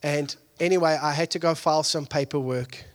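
A pastor preaching a conversational sermon, moving from hushed asides to loud, excited peaks and acting out the people he quotes. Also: on the high side, a little fast.

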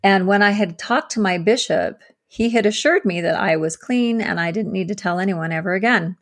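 A woman sharing her personal story as an interview guest, earnest and halting, with many fillers and restarts. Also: medium pitch. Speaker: guest, survivor advocate.

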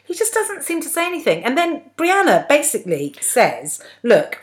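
A woman's voice: high-pitched, wildly swooping pitch, moderate pace. A woman co-hosting a podcast, chatting and mocking as she recaps a TV episode and acts out lines. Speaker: podcast co-host. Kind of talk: casual chat recapping a TV episode.

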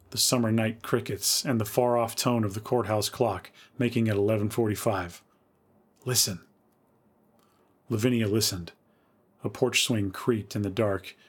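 Male podcast host, lowish voice, measured atmospheric story narration.

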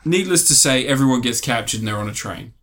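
A man's voice: mid-range voice, expressive, fast talker, fairly bright tone. A man animatedly recapping a film in casual chat, swearing and laughing often.

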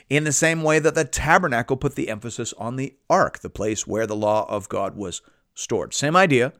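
Male Bible teacher, expressive delivery, dry close sound. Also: medium pitch, dry recording. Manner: measured reading with lively emphasis. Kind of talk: scripted Bible study podcast teaching.

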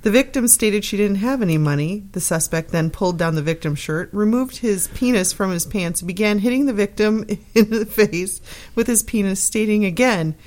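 A woman's voice: medium pitch, fairly quick, hardly any pauses, a little mellow. A woman on a podcast panel, reading a news story aloud and giggling now and then.

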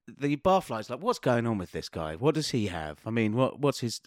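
A man's voice: mid-range voice, big pitch swings, normal speed, no room sound, studio quality. A man co-hosting a comedy podcast, rambling through jokes and mock outrage. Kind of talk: improvised comedy banter.

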